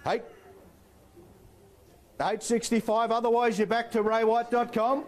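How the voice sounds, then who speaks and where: High-pitched Australian auctioneer man. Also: level tone. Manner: rapid rhythmic bid calling with playful banter. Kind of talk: live property auction calling.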